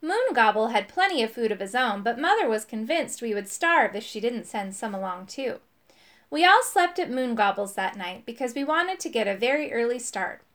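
A woman reading a children's storybook aloud, expressive and animated. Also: on the high side, normal speed. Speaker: audiobook reader.

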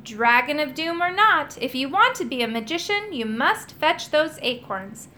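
A woman's voice: high-pitched, sing-song, moderate pace, bright, forceful tone, a little hiss or hum, pitched above the performer's own voice, heavily acted. A woman voicing a grumpy, sarcastic male talking toad in a storybook reading, with a dry, grumbling manner. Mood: stern.

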